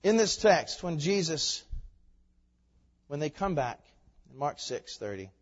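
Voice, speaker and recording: A man with a fairly high voice preaches a sermon, dropping to quiet conversational asides and then building to loud, emphatic climaxes. His voice rings out with a long reverb trail. The sound is dull and lo-fi. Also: sing-song, takes it slowly. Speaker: pastor.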